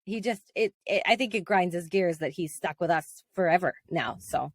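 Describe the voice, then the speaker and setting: A woman, co-hosting a podcast as a casual, animated storyteller who laughs often. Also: on the low side, normal speed, no echo, clean studio sound. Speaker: podcast co-host. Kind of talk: casual chat.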